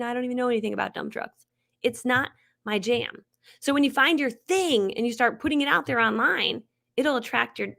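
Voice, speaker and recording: A woman giving a live online marketing training, talking fast and getting excited, with bubbly energy. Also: fairly high pitch, gravelly.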